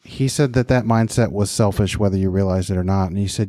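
A man's voice: low-pitched, fairly quick, hardly any pauses, mellow, no echo, studio quality. A man in his fifties co-hosting a podcast, talking reflectively in a casual conversation with frequent restarts. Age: 50s. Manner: reflective, talks with many restarts. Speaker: podcast co-host.

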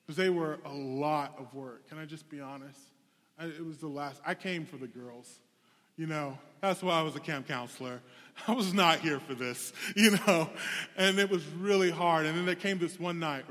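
A young man preaches in a relaxed, candid storytelling manner, his voice sitting a touch high for a man. The sound carries a long reverb, as if in a large hall. He talks to the congregation like he's chatting with friends. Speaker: pastor. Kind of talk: sermon.

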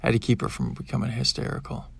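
A man reads a first-person science-fiction audiobook in a plain, even storytelling style. His mid-range voice moves very fast, slightly rough and with vocal fry, in a dry recording.

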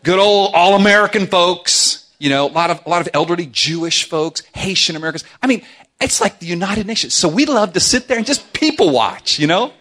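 A middle-aged man preaching a sermon to a church congregation, humorous and animated, acting out quoted voices. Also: sits high, fairly quick. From South Florida. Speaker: pastor.

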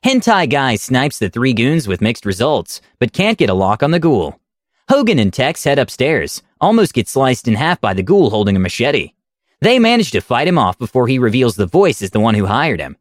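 A man reading a story aloud at a close mic, with wry, deadpan asides. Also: mid-range voice, normal speed, no echo.

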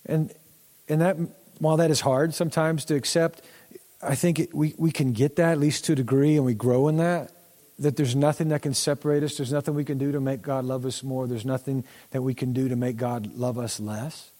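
A man's voice: medium pitch, steady tone, a little fast, mellow. A man pastor giving a sermon in a conversational way and acting out the voices of the Bible figures. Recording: long hall reverb.

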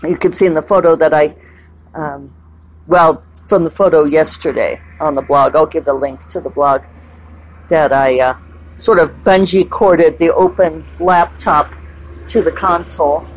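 A woman novelist chatting casually at home in a rambling, digressive way, with plenty of fillers. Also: low voice. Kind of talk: casual vlog chat.

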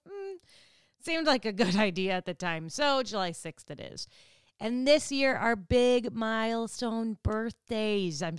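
Midwest lady around 40 chatting to her viewers, smooth clear voice, laughs a lot, does little voices for people she quotes. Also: medium pitch, no echo, studio quality. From Wisconsin, US Midwest. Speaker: vlogger. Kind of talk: casual chat to camera.

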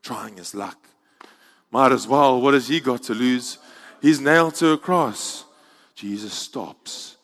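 A man preaching a sermon in a church, moving from quiet, intimate passages to loud, soaring climaxes. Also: mid-range voice, measured pace. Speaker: pastor.

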